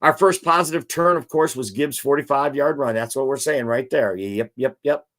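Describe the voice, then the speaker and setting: A man's voice: mid-range voice, normal speed, fairly bright tone. A man hosting a live-stream football show, chatting and reading out viewer comments.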